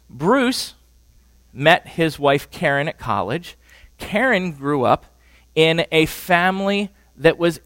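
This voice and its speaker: A man's voice: on the high side, fairly bright tone, dry recording. Man preaching, dry close sound. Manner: conversational, checks in with "okay?" often. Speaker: preacher teaching on marriage. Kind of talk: sermon.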